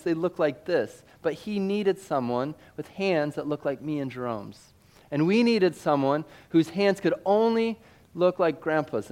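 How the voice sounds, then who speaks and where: A man from Missouri delivers a storytelling sermon in a slightly higher voice. He talks in a lively, animated way and acts out sound effects as he goes.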